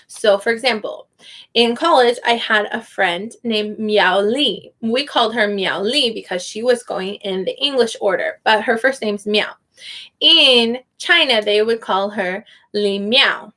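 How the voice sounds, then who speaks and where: A young woman who teaches English online speaks in a fairly high, bright, forceful voice during a casual live teaching chat. She explains how to pronounce names, sounding them out slowly, carefully, and with drawn-out syllables.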